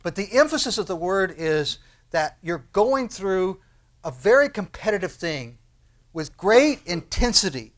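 A man preaching a sermon in a conversational, animated way, acting out prayers and asking rhetorical questions. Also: sits high, measured pace. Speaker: pastor.

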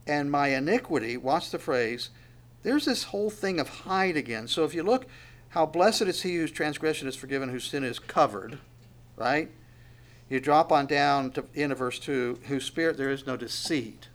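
A man's voice: fairly high pitch, expressive, moderate pace. Conversational man preaching a sermon. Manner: conversational preaching with questions to the congregation. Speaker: pastor.

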